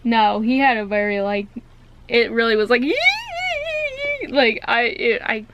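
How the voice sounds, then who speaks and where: A woman's voice: a little high, fairly even intonation, normal speed, noisy background. A young woman co-hosting a casual chat, telling stories and laughing often. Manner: laughs often, tells stories with quoted voices. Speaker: podcast co-host.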